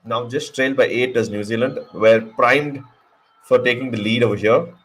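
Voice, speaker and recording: A man hosting a casual live cricket watch-along, excitable and joking, cursing freely at the action. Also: mid-range voice, moderate pace, slightly rough, rough recording. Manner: excitable, swears, jokes. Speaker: live stream host.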